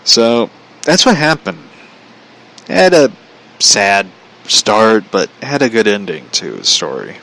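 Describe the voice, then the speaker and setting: A man's voice: on the low side, very animated, unhurried, creaky, pauses often, fairly bright tone, slight background noise, poor audio. Chatty man telling a personal story. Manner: chatty, relays dialogue with "he goes" and "I was like", laughs often.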